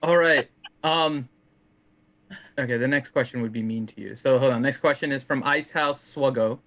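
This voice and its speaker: A man's voice: mid-range voice, normal speed, a bit bright. A man co-hosting a live gaming Q&A, reading viewer questions and thinking aloud, often tagging on "right?". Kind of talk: casual live game chat.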